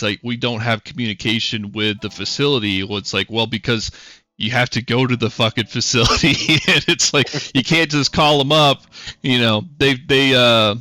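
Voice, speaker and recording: A man's voice: medium pitch, bright, forceful tone, no room sound. A man narrating as game master in a rambling, casual way, swearing often.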